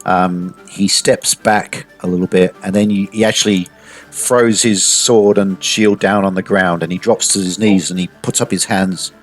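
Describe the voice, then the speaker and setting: A man's voice: low-pitched, steady tone, moderate pace, soft background music. A man narrating as game master of a tabletop game, hesitant, with frequent restarts. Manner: hesitant, with many restarts and "sort of".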